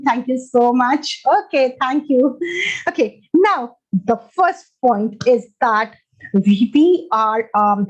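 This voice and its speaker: A woman with an Indian English accent giving a motivational talk to a live audience, asking questions and repeating her key phrases. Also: high voice. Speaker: motivational speaker. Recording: dull, muffled sound.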